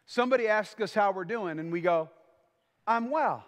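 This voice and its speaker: A man preaching a sermon as pastor, emphatic and lively, acting out little bits of everyday small talk. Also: sits high, quick pace, long reverb tail.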